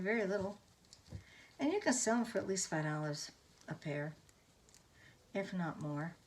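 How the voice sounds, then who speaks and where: A woman hosting a casual craft tutorial, gushing over her finished pieces with soft exclamations. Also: mid-range voice, slight background noise.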